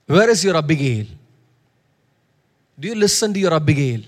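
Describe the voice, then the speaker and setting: A man's voice: high voice, expressive, normal speed, pauses often, fairly bright tone. A male preacher who gives a sermon in an emphatic way, repeating phrases and calling on listeners to respond. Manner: emphatic, repeats lines, calls for audience response.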